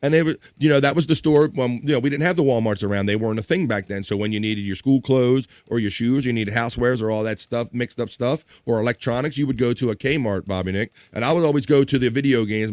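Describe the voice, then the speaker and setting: A man's voice: mid-range voice, quick pace, few pauses, darkish tone, no room sound. Chatty male livestream host. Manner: chatty, reads viewer comments aloud. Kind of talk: casual livestream chat.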